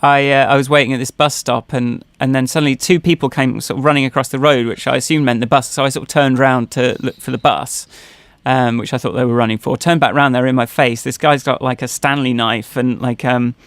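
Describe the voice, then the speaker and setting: A podcast co-host with a mid-range, fairly bright voice and fairly even intonation speaks a little fast, with no room sound. He tells personal stories in casual chat, rambling with lots of fillers and restarts.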